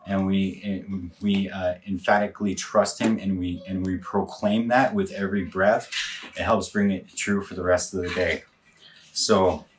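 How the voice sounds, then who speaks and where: A man pastor giving a live-streamed morning devotion, talking in a halting, reflective way with frequent fillers and restarts. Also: deep voice, steady tone, recorded from a distance, slight background noise.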